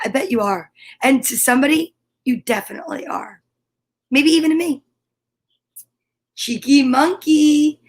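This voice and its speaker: A middle-aged woman hosting a home story time, talking warmly and encouragingly straight to her viewers. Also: on the high side. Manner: warm encouraging, gushing, talks straight to viewers. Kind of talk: upbeat video chat to viewers. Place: home room by a window. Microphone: camera with ring light.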